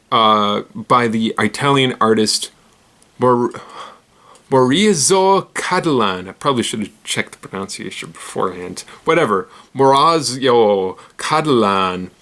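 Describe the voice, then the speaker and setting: A man's voice: fairly low pitch, moderate pace, pushed and bright. A man hosting a casual weird-news roundup, rambling and giggly, poking fun at himself as he stumbles over words. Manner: rambling, giggly, self-deprecating. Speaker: host.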